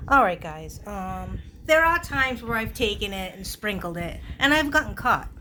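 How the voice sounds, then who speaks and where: A woman's voice: medium pitch, moderate pace, a little hiss or hum. Chatty woman crafting at home. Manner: chatty, self-mocking, animated asides. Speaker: crafter hosting a craft video. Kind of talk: casual crafting chat.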